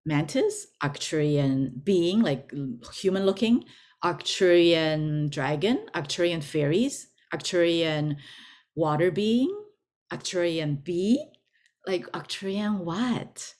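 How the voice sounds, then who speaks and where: A woman giving an informal spiritual lesson, talking deliberately and repeating words for emphasis. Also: on the low side, expressive, darkish tone. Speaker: spiritual teacher. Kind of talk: informal teaching talk.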